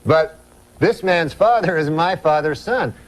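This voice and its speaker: A man's voice: fairly high pitch, lively intonation, a little slow, rough recording. A man voicing a brash New York cab driver telling a riddle.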